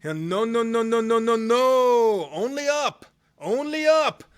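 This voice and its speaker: A man's voice: very high voice, expressive, slow pace, clean tone, pitched above the performer's own voice, full character voice. A man doing a proud little French runner. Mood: insistent. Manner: emphatic, repeating words with rising insistence. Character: small wiry male French mountain runner, blunt and proud.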